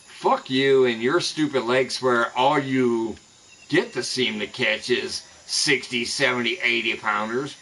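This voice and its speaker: A man's voice: mid-range voice, pushed and bright, poor audio. A man streaming a fishing game, ranting angrily and cursing constantly at rival streamers. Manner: profane, angry ranting. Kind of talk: live gaming stream rant.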